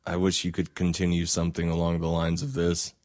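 A man with a low voice chatting in a dry, close room. He jokes around in a laid-back, crude way on a casual podcast. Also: completely flat delivery, brisk, a little mellow, dry recording. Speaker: podcast co-host. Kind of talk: casual chat.

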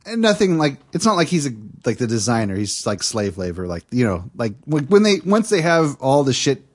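A man's voice: mid-range voice, big pitch swings, a little fast. A man co-hosting a podcast, chatting casually in a rambling, profane, self-deprecating way. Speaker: podcast co-host. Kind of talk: casual chat.

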